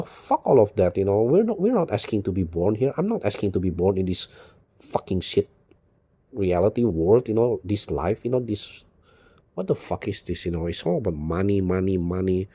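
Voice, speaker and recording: A man with a low, mellow voice talks straight to his viewers in a loose, unscripted monologue. He loops back on his own phrases and leans on "you know" again and again, with bitter swearing throughout. The sound is dry and close. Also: sing-song, moderate pace, husky, no room sound. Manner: rambling, repeats "you know" constantly, profane and bitter. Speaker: video blogger.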